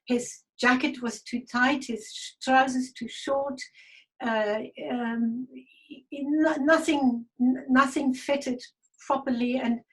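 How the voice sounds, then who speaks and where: A woman giving a halting, reflective personal spiritual testimony, audibly emotional. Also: high voice, fairly even intonation, poor audio. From Germany. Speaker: guest speaker.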